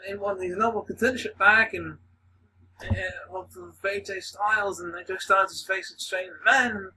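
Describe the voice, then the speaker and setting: A man rambling excitedly in a casual monologue, swearing often as he gives predictions. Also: sits high, recorded from a distance, slight background noise, poor audio. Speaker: video maker giving predictions.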